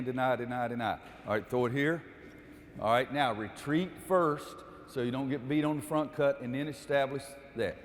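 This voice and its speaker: An older man coaching basketball players through a defensive drill, explaining steps and calling out repeated commands. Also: medium pitch. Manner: instructive, barks repeated drill calls. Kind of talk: coaching clinic on court. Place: gym. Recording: long reverb of a large gym.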